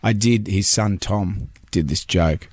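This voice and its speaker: A middle-aged Australian man hosting breakfast radio, talking in a halting, emotional way with many restarts. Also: lowish voice, dry recording. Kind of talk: casual on-air chat. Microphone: studio microphone.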